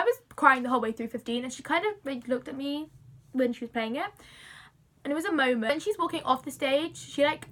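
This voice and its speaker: A young woman excitedly telling a story to camera, gushing and full of fillers. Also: high voice, fast talker. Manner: breathless, gushing, many fillers like "like". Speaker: vlogger.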